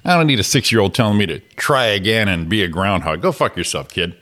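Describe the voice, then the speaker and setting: A man's voice: on the low side, animated, fast, a bit bright. A man co-hosting a morning show, ranting with a grumpy, profane manner and stammered restarts. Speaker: co-host. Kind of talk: casual chat. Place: radio studio.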